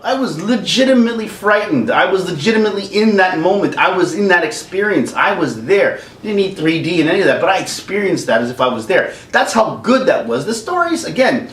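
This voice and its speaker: Guy in his 40s ranting, lots of pitch swings, roomy room, mic kinda far. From Canada. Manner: animated, laughs often, acts out quotes. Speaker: vlogger. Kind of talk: casual rant.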